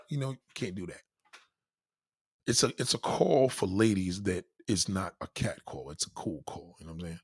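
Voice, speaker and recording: A man hosting a casual livestream, riffing loudly and acting out quoted voices, reading chat names aloud. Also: medium pitch, slightly rough, dry recording, clean studio sound. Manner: loud, animated riffing, acts out quoted voices. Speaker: livestream host.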